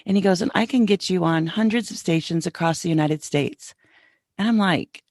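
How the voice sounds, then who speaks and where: Recorded dry with studio quality, a middle-aged woman speaks at normal speed in a fairly low voice. She hosts a podcast and tells a story conversationally, voicing each person's lines in a lively exchange.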